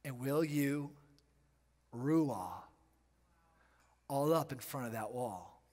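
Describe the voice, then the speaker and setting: A man preaching a charismatic sermon in a church, breaking into loud bursts and dropping into quiet, slangy asides. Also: mid-range voice, expressive. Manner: preaching with sudden loud bursts and dramatic pauses. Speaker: pastor. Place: church sanctuary. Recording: reverberant church hall.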